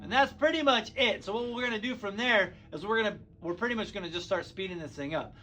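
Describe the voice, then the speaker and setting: A man giving a casual drum lesson in a relaxed, easygoing way, full of fillers, counting strokes aloud as he plays. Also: sits high, fast, faint music behind. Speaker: drum teacher. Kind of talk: casual instructional talk. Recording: speech over loud drumming. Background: loud drum kit playing.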